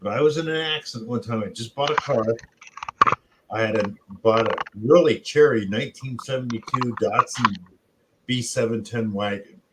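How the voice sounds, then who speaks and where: A man's voice: medium pitch, normal speed, heavy background noise. A middle-aged man co-hosting a casual chat, telling anecdotes and acting out what others said. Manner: chatty storyteller who acts out quotes. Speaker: co-host.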